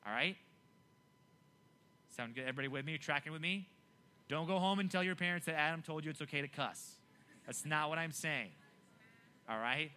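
A young man preaching a youth sermon, animated and emphatic, often repeating himself to keep listeners engaged. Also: fairly high pitch, normal speed, long pauses, clear, resonant tone. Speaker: youth pastor.

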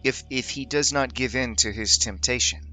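A man voicing a weary, grieving village priest who speaks haltingly, sighing and choking up. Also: medium pitch, sharp tone, faint music behind. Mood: weary grief. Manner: halting, sighing, choked-up speech.

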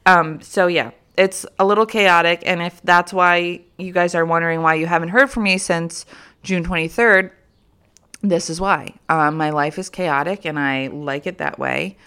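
A woman's voice: fairly low pitch, moderate pace, a bit bright, clean tone. A young woman and mother of three telling a funny story to her viewers in a chatty, casual way, laughing and swearing freely. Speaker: vlogger.

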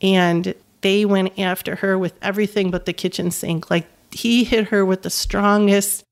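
A woman in her fifties recounting a personal story in conversation. She speaks earnestly and with emphasis, often repeating words to drive a point home, at an ordinary middle pitch. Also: steady tone, moderate pace. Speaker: guest, caregiving mother.

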